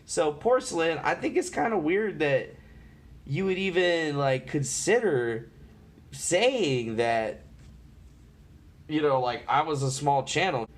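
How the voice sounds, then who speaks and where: A man's voice: on the high side, expressive, slow. A man hosting an online show, complaining in an indignant, sarcastic way. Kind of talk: complaining commentary.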